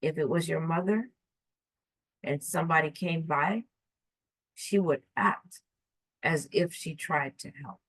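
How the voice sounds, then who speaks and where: A woman with a low-pitched voice tells a personal story earnestly but haltingly, often restarting and repeating her words. The audio has no echo but is poor quality.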